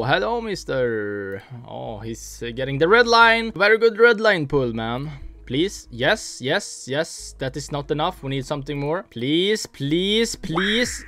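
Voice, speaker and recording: Excitable, foul-mouthed young man, higher voice. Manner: profane, swings between hype and grumbling. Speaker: gaming streamer. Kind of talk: excitable gambling-site commentary.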